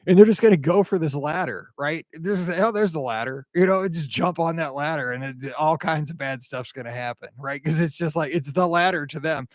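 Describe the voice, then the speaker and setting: This podcast host is a middle-aged Midwestern man whose slightly high voice comes through studio quality with no room sound. He reads listener feedback and chats casually, rambling enthusiastically and restarting often.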